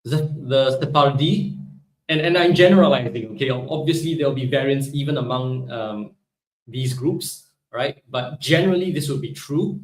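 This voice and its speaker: A man's voice: mid-range voice, normal speed, reverberant, rough recording. Man teaching, asking "right?" often. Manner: explanatory, peppers speech with "right?". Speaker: Hebrew teacher. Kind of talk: live online class lecture.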